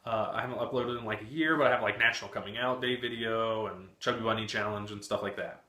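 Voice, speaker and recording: A man's voice: on the low side, fast, sharp tone. A young man in his twenties chatting casually on his book vlog, talkative and cursing freely. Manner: chatty, frequent cursing and laughter. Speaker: book vlogger. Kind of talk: casual chat. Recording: echoey room.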